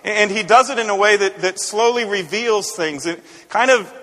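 A man's voice: sits high, normal speed, pushed and bright, long reverb tail. A man, a senior pastor, preaching a conversational sermon and often repeating words as he builds a point.

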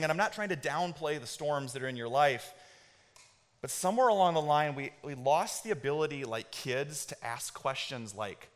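A man preaching a sermon in a church, telling a personal story in an animated, conversational way and often checking in with the audience. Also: on the high side, normal speed. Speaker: pastor. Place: church sanctuary. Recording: reverberant hall.

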